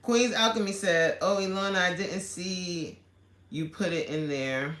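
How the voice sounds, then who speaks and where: A woman's voice: fairly low pitch, a little slow, fairly bright tone, reverberant. A woman fitness coach hosting a casual livestream, reading viewer comments aloud with playful, slangy banter and frequent laughter.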